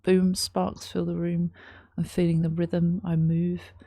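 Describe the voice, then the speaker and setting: A woman reacting to a song, reading lyrics aloud and explaining them in a thoughtful, halting way, with many ums. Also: fairly low pitch, flat delivery, warm tone, no room sound, clean studio sound. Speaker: music reaction host. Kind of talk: casual reaction commentary.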